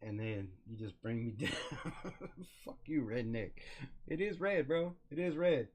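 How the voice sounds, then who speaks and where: A middle-aged man with a slight country twang chats loosely on a livestream. He swears freely and gets worked up fast. His voice sits at an ordinary middle pitch for a man. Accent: slight Southern country twang. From California. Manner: excitable, profane, loose slangy banter. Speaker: livestream host. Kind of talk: casual livestream chat.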